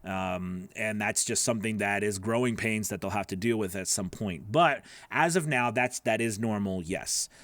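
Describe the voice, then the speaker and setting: A man's voice: lowish voice, moderate pace, hardly any pauses, fairly bright tone, no room sound. A man hosting a live-stream voice-over coaching session, reading out viewer questions and answering in a loose, rambling way. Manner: rambling, answers viewer comments, many restarts.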